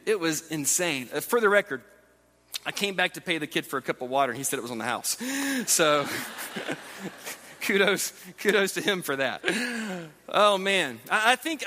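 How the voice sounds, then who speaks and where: A man, likely in his thirties, preaching with an animated, self-deprecating family story full of restarts. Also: a little high. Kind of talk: sermon storytelling. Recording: hall reverb.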